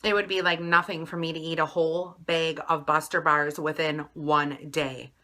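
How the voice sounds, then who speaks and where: Woman vlogger from Wisconsin, bright forceful tone, chatty and rambling, confessional. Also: deep voice, flat delivery, normal speed. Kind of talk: confessional weight-loss vlog.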